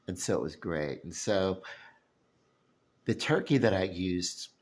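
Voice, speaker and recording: Deep-voiced Louisiana Southern man rambling. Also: expressive. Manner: halting, many fillers and restarts. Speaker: vlogger. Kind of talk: casual rambling chat.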